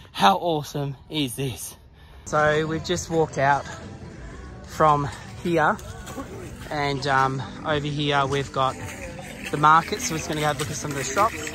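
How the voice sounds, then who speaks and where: This is a man with a fairly high, slightly bright voice, talking his way through a relaxed travel vlog filmed on a handheld camera at an outdoor hilltop pyramid site. Breathless from climbing, he chats away, laughing frequently and exclaiming as he goes.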